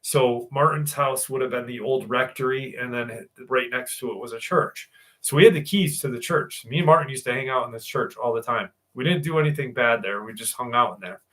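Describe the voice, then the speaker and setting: An American man tells a personal story in a loose, casual way. He swears freely, circles back with fillers and restarts, and sits at an ordinary middle pitch. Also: fairly quick, fairly bright tone. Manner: profane, rambling, many fillers and restarts. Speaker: guest telling a personal encounter story.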